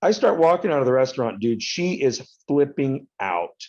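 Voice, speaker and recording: A mid-pitched man in his fifties tells stories, swearing freely and jumping around with energy. The audio is a little dull, like a modest podcast setup. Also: normal speed. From United States. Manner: animated, profane storytelling. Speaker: podcast guest, retired wrestler. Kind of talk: casual storytelling interview.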